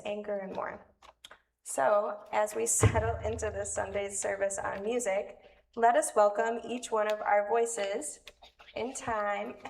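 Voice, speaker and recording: A woman's voice: medium pitch, creaky. A woman leading a children's time in a worship service, speaking in a chatty, playful way with small laughs. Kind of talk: friendly talk to children in a service. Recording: echoey room from far off, faint noise.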